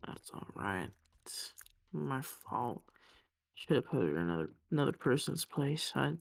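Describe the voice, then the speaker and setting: A woman's voice: low-pitched, normal speed, vocal fry, no room sound, clean studio sound. A woman voicing a tired, bitter servant woman who speaks bluntly and hesitantly in a tabletop game.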